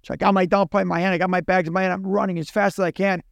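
Man, gravelly voice, slightly high, animated storyteller, dry close sound. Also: racing, dry recording, highs cut off. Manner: animated, acts out dialogue in his own voice. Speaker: podcast guest. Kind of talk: casual storytelling.

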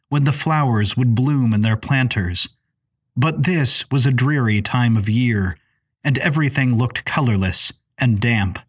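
A man reading a novel aloud as narrator, in a measured, descriptive way. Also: mid-range voice, breathy edge. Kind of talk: scripted audiobook narration.

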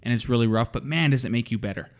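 Quick, eager male interviewer. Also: medium pitch. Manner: eager questioner, restarts questions. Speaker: podcast host, business owner. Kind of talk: casual interview chat.

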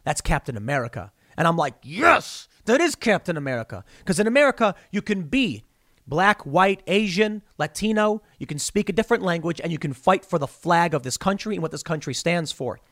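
Animated man doing political commentary. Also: high voice, a little fast, no room sound, clean studio sound. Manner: animated, wry, mocking asides. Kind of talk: opinionated commentary.

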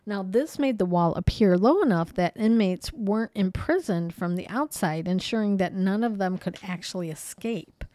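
A woman's voice: medium pitch, moderate pace, hardly any pauses, no room sound. Chatty woman podcaster, dry close sound. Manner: chatty, lots of "you know" and "um"; animated, laughs easily. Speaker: podcast co-host. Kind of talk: casual storytelling about hauntings.

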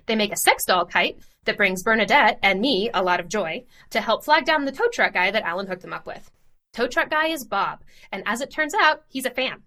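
A woman co-hosting a podcast, giving a lively, self-deprecating plot summary in casual chat. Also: medium pitch. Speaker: podcast co-host.

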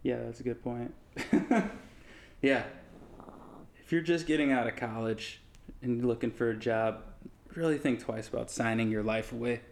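A man co-hosting a podcast, chatting casually and explaining things in a relaxed way. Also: medium pitch, moderate pace, gravelly, long pauses, slight background noise. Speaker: podcast co-host. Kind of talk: casual chat.

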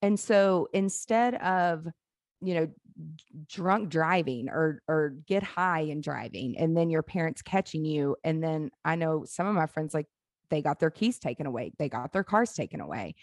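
Frank fortyish woman, lowish pitch, dry close sound, chatty anecdotes. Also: lively intonation, moderate pace, dry recording. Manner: candid storytelling, laughing, swears casually. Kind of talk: casual chat.

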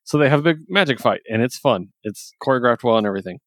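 A man's voice: medium pitch, expressive, no echo. Chatty guy retelling a story, laughs a lot, dry sound. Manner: chatty, laughs often, retells scenes with quick quoted voices. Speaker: comic book reviewer. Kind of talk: casual chat.

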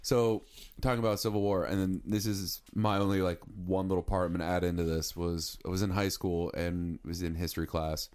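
Lowish-voiced guy on a podcast telling a story, jokey, laughs a lot. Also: level tone, fairly quick, a little mellow, clean tone. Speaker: podcast co-host. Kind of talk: casual chat.

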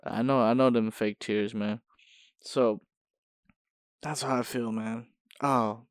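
A man talking solo on his own podcast in a laid-back, casual way. He swears a lot, laughs often, and gets loud and high when worked up. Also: steady tone, slow pace, smooth, no echo, studio quality. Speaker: podcast host.

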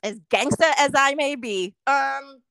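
A middle-aged woman co-hosting a casual podcast, telling a story with constant swearing and lively animation. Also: high voice, measured pace, vocal fry. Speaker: podcast co-host.

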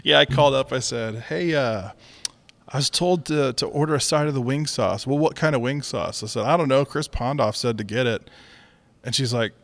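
Chill podcast guy with a gravelly voice, laughing along while he tells stories. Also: medium pitch, normal speed, fairly bright tone. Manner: easygoing, laughs often. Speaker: podcast co-host. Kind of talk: casual chat.

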